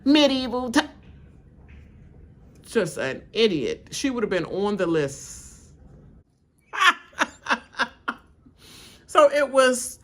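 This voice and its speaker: Speaking very slowly and pausing often, a woman with a medium-pitched, slightly bright voice delivers a highly animated, blunt rant during a live reality show watch-along. As a reaction streamer, she laughs often and acts out the cast in exaggerated voices.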